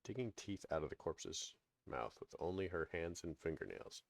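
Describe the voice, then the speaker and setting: A man's voice: sits low, expressive, moderate pace, creaky, no room sound. A man casually commenting on a game and reading its text aloud, hesitant, with many fillers. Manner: hesitant, filler-heavy, chuckling. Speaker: let's-play gamer.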